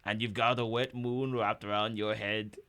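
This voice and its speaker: A man putting on a deliberately bad impression of an Austrian-accented action-movie star, slow and heavy. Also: on the low side, flat delivery, bright, forceful tone. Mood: mock-menacing.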